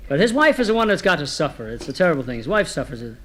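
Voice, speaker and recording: A man telling comic stories, delivering one-liners with a deadpan manner. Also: a little high, rapid-fire, crowd noise. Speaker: comedian. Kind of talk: comic storytelling.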